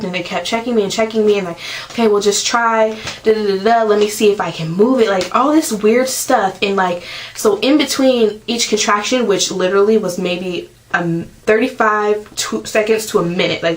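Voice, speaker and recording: A young woman talks to her camera in a loose, chatty vlog. She leans on "like" constantly and jumps into loud bursts when she acts out her own screams. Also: medium pitch, rough recording. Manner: chatty, fills every pause with "like". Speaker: vlogger. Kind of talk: casual storytelling to camera.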